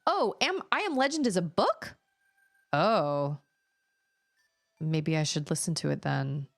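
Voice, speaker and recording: Woman, lowish pitch, casual rambling stream chat. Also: slow pace, vocal fry, soft background music. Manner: chatty, rambling, animated when telling stories.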